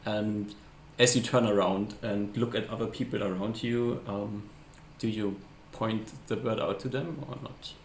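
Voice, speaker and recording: A man's voice: on the low side, fairly even intonation, a little slow, gravelly, hardly any pauses. A man narrating a tabletop game as game master, hesitant and often searching for words. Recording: echoey room, faint hiss.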